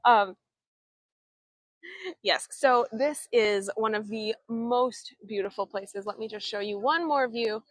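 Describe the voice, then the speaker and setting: A young woman leads a live outdoor walking tour, speaking into a handheld phone in a fairly high voice. She talks at an unhurried, slow pace, chatty and halting, with frequent fillers and restarts. The sound is close and dry. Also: no room sound. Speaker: travel vlogger and tour guide. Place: outdoors in an old town street.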